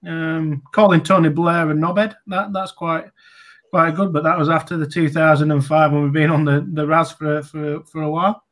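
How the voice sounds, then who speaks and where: A man in his forties talks through his old stories as a guest, his voice sitting a touch high. He rambles cheerfully, full of ums and false starts. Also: level tone, moderate pace, a bit bright. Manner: chatty, laughing anecdotes with many ums and restarts. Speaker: guest, former cricketer. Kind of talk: casual interview storytelling.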